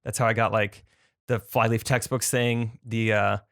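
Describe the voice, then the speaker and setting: A man co-hosting a podcast in casual chat, excitable and laughing often. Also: fairly low pitch, normal speed, creaky. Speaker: podcast co-host.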